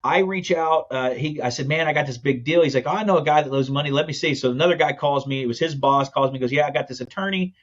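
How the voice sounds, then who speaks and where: A man's voice: a little high, muffled recording. A man telling his business story in a podcast interview, acting out the quotes as he goes. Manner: fast, animated storytelling with acted-out quotes. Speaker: guest, land investor.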